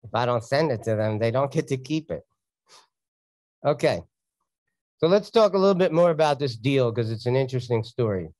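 A man's voice: medium pitch, animated, brisk, long pauses, a little mellow, no echo. A man, a real estate investor telling a story in a blunt, sarcastic, casual teaching talk.

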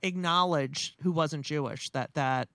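A woman's voice: deep voice, a little slow, a bit bright, dry recording, studio quality. A woman, a comedian talking bluntly and profanely in casual chat, with many restarts. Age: 60s. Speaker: comedian guest.

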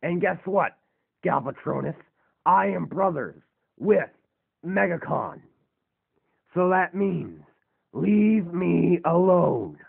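A man's voice: high-pitched, animated, slow, creaky, long pauses, slightly rough, heavily acted. A man voicing a scheming, boastful male robot villain in a fan robot drama, speaking in a gloating, menacing way. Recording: tinny lo-fi phone-like recording.

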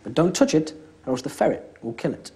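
There's a bit of hiss or hum as a young man with a somewhat high, darkish, sing-song voice briskly delivers comedy close-up magic patter. He's chatty and jokey, forever asking "all right?" in front of a live TV studio audience.

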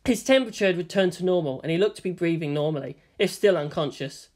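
A woman narrating a fan fiction story in an expressive storytelling manner. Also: on the low side, quick pace.

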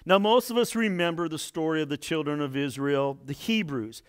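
A man pastor preaching a sermon, reading scripture dramatically with acted-out quotes and dropping to quiet low asides between loud points. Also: moderate pace, clean tone.

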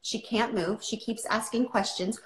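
Woman author telling a story on a live call, fired up, keeps saying right?, kinda high, roomy echo. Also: steady tone, moderate pace. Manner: impassioned, keeps asking "right?". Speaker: author guest. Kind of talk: livestream conversation, personal storytelling.

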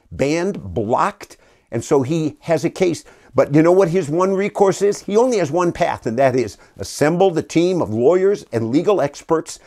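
An older man delivers podcast commentary in an earnest, sermon-like way. His voice sits a little high for a man, and he leans on rhetorical questions to press his points. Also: a little mellow. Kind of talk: preachy political commentary.

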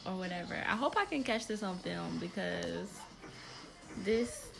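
A young woman, chatting excitedly in a casual vlog from home. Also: lowish voice, unhurried, gravelly, music in the background. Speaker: vlogger.

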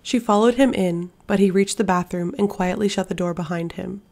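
A woman narrating a fantasy audiobook in a hushed, steady storytelling manner. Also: fairly low pitch, a little fast. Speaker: audiobook reader.

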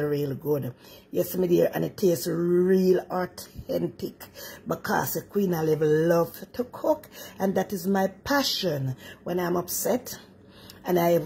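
A woman's voice: medium pitch, creaky, dark tone, slightly rough. An older woman with a Jamaican accent chatting casually through a home cooking vlog, often calling her viewers "my dear child.". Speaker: cooking vlogger. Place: home kitchen and house.

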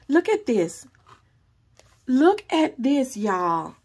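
A woman vlogger chatting casually through an unboxing, gushing and excitable as she talks straight to her viewers. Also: high voice, takes it slowly, pauses often, husky.

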